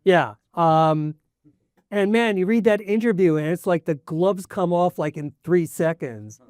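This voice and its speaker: A man's voice: high voice, measured pace, darkish tone, no room sound, studio quality. A man on a panel, a fanzine writer, telling rambling anecdotes and correcting himself as he goes. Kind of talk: live panel Q&A.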